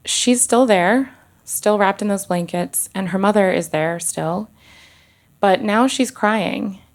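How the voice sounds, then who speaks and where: Halting woman with a gravelly low voice. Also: a little mellow. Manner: earnest, halting, with pauses and restarts. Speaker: OB-GYN telling a personal story. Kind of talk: live personal storytelling.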